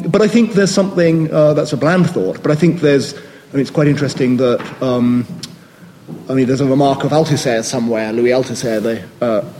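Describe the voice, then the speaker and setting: A man's voice: medium pitch, warm tone, big-room sound, slight background noise, low-quality recording. A man answering a question on a panel in an academic discussion, hesitant and thoughtful, with many fillers and restarts.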